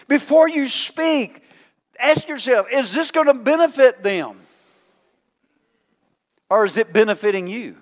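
A male pastor preaching a folksy, teasing sermon, swinging between loud calls and hushed asides. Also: high voice, in a large hall.

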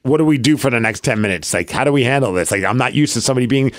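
A man's voice: medium pitch, rapid-fire. A man co-hosting a podcast, chatting casually and retelling a story with lots of quoted back-and-forth. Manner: animated storyteller, acts out quoted dialogue. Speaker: podcast co-host. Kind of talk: casual chat.

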